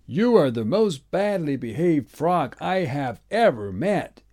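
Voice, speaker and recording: A man voicing a very old, long-bearded hermit in a storybook, speaking slowly like a sage. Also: lowish voice, very animated, creaky, mellow, dry recording, studio quality, exaggerated voice. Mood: furious. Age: older.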